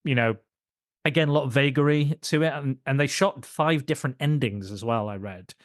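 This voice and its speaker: A man's voice: mid-range voice, a little fast, no echo, clean studio sound. A man co-hosting a podcast, telling stories and chatting about a film in a jokey, self-deprecating way. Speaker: podcast co-host. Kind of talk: casual film discussion.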